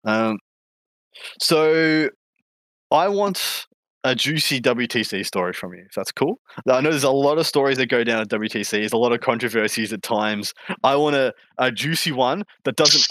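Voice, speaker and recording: Podcast host guy, easygoing, bright voice, dry close mic. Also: medium pitch, lively intonation, normal speed, no room sound. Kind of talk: casual interview chat.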